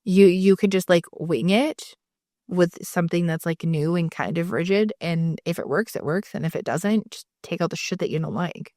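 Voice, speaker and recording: A woman's voice: fairly low pitch, moderate pace, warm tone, no room sound, studio quality. A woman in her thirties co-hosting a podcast, chatting casually, swearing freely and acting out the lines of people she quotes. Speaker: podcast co-host. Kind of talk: casual chat.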